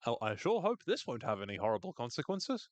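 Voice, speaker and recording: Male podcast host, mid pitch, excitable recap talker who curses casually and mimics lines, recorded dry and close. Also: fast talker, dry recording. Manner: enthusiastic, swears freely, acts out quoted lines in shifting voices.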